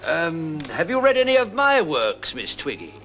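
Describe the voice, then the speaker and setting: An actor playing a flamboyant, self-important middle-aged Victorian novelist in a 1970s TV sketch. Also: male voice, on the high side, huge pitch swings, moderate pace, bright, forceful tone, faint music behind, exaggerated voice. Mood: lively. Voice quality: theatrical, grandiloquent delivery. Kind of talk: 1970s television sketch comedy.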